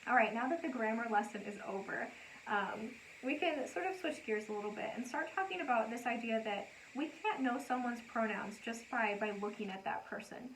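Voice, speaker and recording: A woman's voice: fairly high pitch, expressive, fairly quick, a bit bright. A young woman teaching a casual lesson, talking through examples with frequent ums. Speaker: educator. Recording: slightly distant mic, faint noise.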